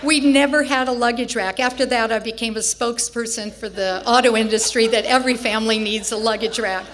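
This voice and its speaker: A woman's voice: on the high side, fairly even intonation, fairly quick, fairly bright tone, slight background noise. An older woman telling a funny personal story on stage before an audience, wry and self-mocking, laughing now and then.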